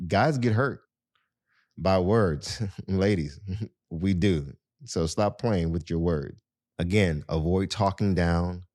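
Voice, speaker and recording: A man's voice: low voice, takes it slowly, a little mellow, dry recording, clean studio sound. A man hosting a podcast, giving casual advice in a conversational way and speaking straight to his listeners, with lots of "you know" fillers. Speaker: podcast host.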